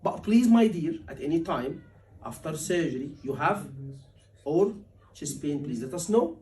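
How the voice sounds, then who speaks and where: A man teaching a surgery exam class, animated and asking his students questions often, acting out patient lines. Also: a little high, unhurried, slight background noise. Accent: Liverpool. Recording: voice from a distance.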